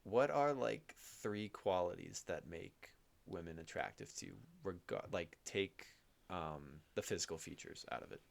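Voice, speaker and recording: A man's voice: sits low, animated, a little slow, gravelly. A young man chatting casually as a podcast guest, laid-back and full of fillers. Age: young adult. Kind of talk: casual chat.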